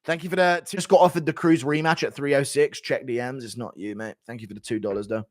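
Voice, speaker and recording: A man's voice: mid-range voice, fairly even intonation, fast, no room sound, clean studio sound. A 25-year-old man hosting a livestream. He chats casually, reads out donations and banters bluntly with his chat. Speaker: livestream host.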